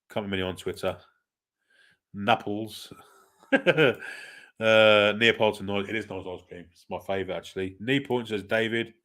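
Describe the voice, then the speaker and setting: A man hosting a live football watchalong, calling the play in a relaxed, wry way and chatting with viewers. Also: fairly low pitch. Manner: laid-back, chatty, wry. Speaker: watchalong host. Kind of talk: casual live match commentary, reading chat.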